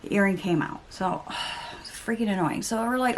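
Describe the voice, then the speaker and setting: A woman's voice: lowish voice, very animated, normal speed, slight background noise. A young adult woman vlogger telling a story in casual chitchat while getting ready, with exasperated asides and mild swearing. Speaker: beauty vlogger.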